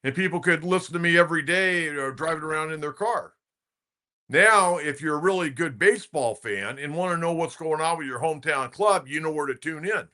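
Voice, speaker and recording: A man hosts a sports talk show in a casual, blunt monologue. He often says things twice for emphasis. His voice is bright and a touch higher than most men's. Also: a little fast. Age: older. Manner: blunt, conversational, repeats himself for emphasis.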